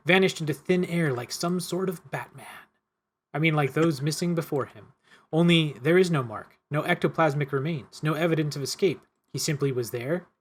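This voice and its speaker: A man playing a cooperative card game, reading the story text aloud and stumbling and correcting himself as he goes. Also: a little high.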